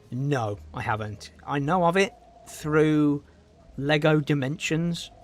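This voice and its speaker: Over slight background noise and game music, a young man from Britain streams gameplay in his mid-range voice. He chats loosely, reading out messages from chat, rambling with plenty of ums, and battling hiccups.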